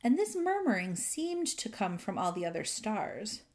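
A woman reads a children's fairy tale aloud, unhurried and gentle. She leans into the rhythm of repeated words and lets each phrase land slowly. Her pitch sits at an ordinary middle height. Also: big pitch swings. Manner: gentle, rhythmic, savoring repetitions. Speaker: storyteller.

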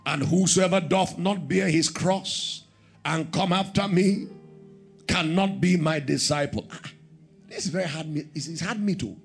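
A high-pitched, gravelly male preacher, delivering a lively sermon. His voice leaps up into shouted emphasis and drops down into quiet prayer, with faint music playing underneath. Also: a little slow. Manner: animated, swings from shouting to hushed prayer.

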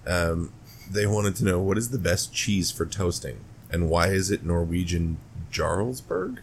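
A man's voice: sits low, animated, measured pace, slight background noise. A man co-hosting a podcast, talking in a laid-back way with folksy phrasing. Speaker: podcast co-host. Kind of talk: casual chat.

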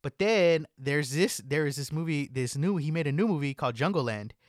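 Recorded on a dry close mic with no echo, a young man with a fairly high pitch and lively intonation talks a little fast. He's a laid-back podcast co-host in casual chat, cursing frequently and dropping "like" all the time.

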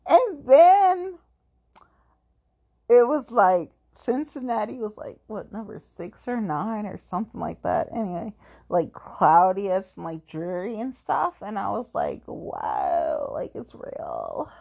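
A woman's voice: medium pitch, normal speed, vocal fry, a little mellow, husky. A woman chatting casually, rambling and filling her talk with "like", playfully self-mocking. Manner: rambling, heavy use of "like"; playful, self-mocking about being petty. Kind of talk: casual chat.

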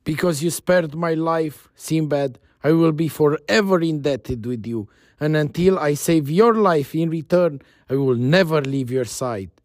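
A man's voice: fairly high pitch, measured pace, a little mellow, no echo, studio quality, close to an everyday voice. A man voicing a jovial, stocky male pirate chief in a spoken story, hearty and boastful. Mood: grateful.

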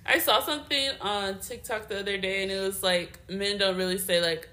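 A young American woman co-hosting a talk podcast with a bright, crisp voice. She chats loosely and laughs often. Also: mid-range voice, a little fast, hardly any pauses. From United States. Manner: chatty, laughs often, says "like" a lot. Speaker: podcast co-host. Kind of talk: casual chat.

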